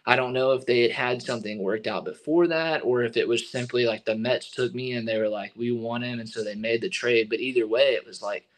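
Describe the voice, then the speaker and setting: A young man being interviewed tells a story in an easy, casual voice. His delivery wanders, full of fillers and half-finished starts before he finds the thread. His pitch sits in an ordinary middle range. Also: brisk, hardly any pauses. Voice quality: relaxed, filler-heavy with many likes and restarts. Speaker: guest, baseball relief pitcher.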